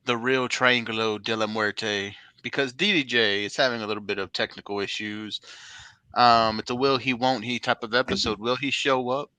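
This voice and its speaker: A man hosting a casual podcast, animated and quick to laugh as he opens the show. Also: medium pitch, clear, resonant tone, no room sound. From Texas. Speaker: podcast host.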